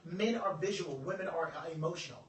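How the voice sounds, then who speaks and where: A man giving a joking, animated motivational workshop talk to a group. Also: high voice, brisk, distant mic. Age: adult over twenty-five. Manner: animated, joking, preacher-like delivery. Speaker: motivational speaker. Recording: echoey room, voice from afar.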